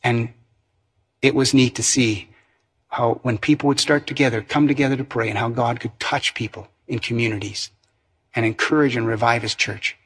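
A man's voice: medium pitch, steady tone, moderate pace, a bit bright, breathy edge. A middle-aged man from Canada preaching, telling conversion stories in an earnest manner with frequent restarts. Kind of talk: testimony sermon.

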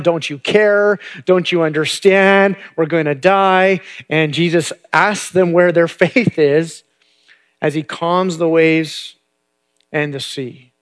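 High-voiced male preacher retelling a story. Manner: conversational, repeats words while thinking. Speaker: pastor. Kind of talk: sermon retelling a Bible story.

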